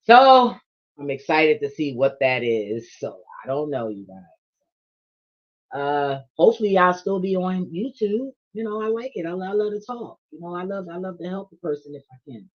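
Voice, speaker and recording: A woman's voice: lowish voice, normal speed, highs cut off. A woman vlogger, telling a casual monologue full of slang and swearing. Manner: animated, profane storytelling with slang.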